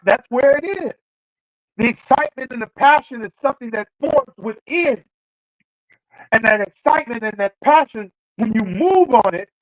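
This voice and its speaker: A man's voice: very high-pitched, a bit bright, no room sound, rough recording. A man hosting a show, giving a preacherly motivational talk and repeating phrases for emphasis. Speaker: show host.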